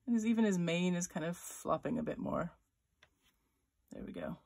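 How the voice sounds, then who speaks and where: A woman's voice: fairly low pitch, huge pitch swings, normal speed, vocal fry, darkish tone. A woman author-illustrator leading a children's drawing tutorial, thinking aloud as she sketches and chatting playfully. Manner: voices little sound effects for her drawings.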